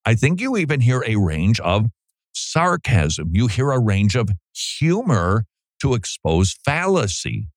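A man hosting a talk show, speaking in a lively, animated way and slipping into voices when he quotes. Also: medium pitch, measured pace, no echo, clean studio sound. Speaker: podcast host. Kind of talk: casual commentary.

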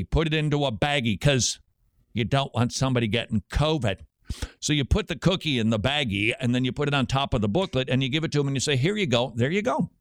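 A man hosting a radio show, answering listener questions in a lively, chatty way. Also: mid-range voice, no room sound, studio quality.

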